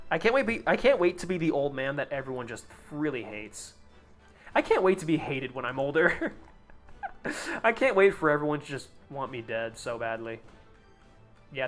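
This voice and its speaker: A man's voice: mid-range voice, a bit bright. A young man chatting casually on a live game stream, rambling, swearing freely and laughing at his own jokes.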